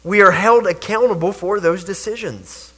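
A man's voice: high-pitched, normal speed, pushed and bright, slightly rough. A man preaching a sermon, earnest, with rhetorical questions and repeated words. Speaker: pastor.

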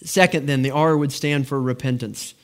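A man's voice: mid-range voice, steady tone, normal speed. A man preaching a sermon in an earnest, conversational way, often restarting his phrases. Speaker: pastor.

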